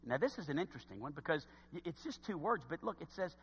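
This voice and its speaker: Animated high-voiced male preacher. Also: fast talker, hardly any pauses, slightly rough, in a large hall. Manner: animated, swinging from quiet asides to loud exhortation. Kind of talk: sermon. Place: church.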